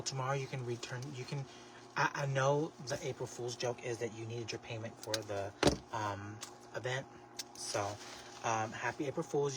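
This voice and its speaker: A man's voice: medium pitch, far from the mic. Sassy chatty man livestreaming. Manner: chatty, sassy and expressive, with frequent exclamations. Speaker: livestream host making a craft basket. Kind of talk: casual livestream chat with viewers. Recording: steady background noise.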